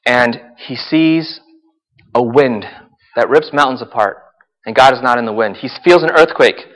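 Animated preacher in a reverberant hall. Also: male voice, mid-range voice, a little slow. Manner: animated storytelling that swings from loud excitement to hushed softness. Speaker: pastor. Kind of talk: sermon.

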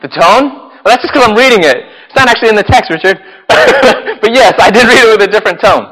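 A man preaches to his congregation with lively storytelling, rising to near shouts and then dropping to a soft hush. His voice sits somewhat high for a man, and a long reverb trails each phrase as it fills a large hall. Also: fairly quick. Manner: animated storytelling that swings from loud excitement to hushed softness. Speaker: pastor. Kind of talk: sermon.

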